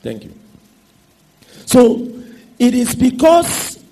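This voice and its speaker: A male preacher, his high, husky voice leaping up and down in pitch. He speaks slowly and leaves gaps for the congregation to finish his sentences. His phrasing stretches out and then swings between loud and soft. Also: huge pitch swings. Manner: call-and-response questions to the congregation. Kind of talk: sermon.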